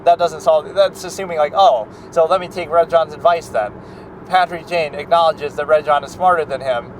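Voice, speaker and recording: A man's voice: fairly high pitch, a little hiss or hum, low-quality recording. A man giving casual, opinionated reaction commentary on a TV series, rambling with lots of fillers. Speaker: show commentator.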